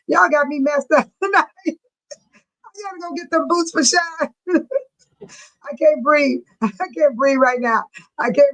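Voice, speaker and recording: A woman's voice: high-pitched, bright, forceful tone, rough recording. A middle-aged woman hosting a casual live stream, chatting with her viewers and laughing often as she reads their comments.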